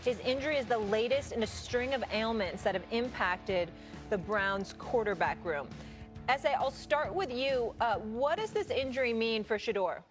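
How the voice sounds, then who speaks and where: A woman hosting a morning sports show, brisk and friendly, teasing her panel and reading the news. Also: a little high, expressive, faint music behind. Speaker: host.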